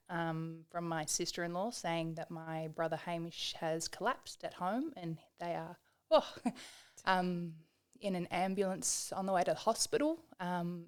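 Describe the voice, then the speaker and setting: A woman's voice: fairly low pitch, smooth. Earnest Australian woman telling her story. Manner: earnest and reflective, with frequent "um"s and restarts. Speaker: podcast guest. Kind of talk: candid personal storytelling.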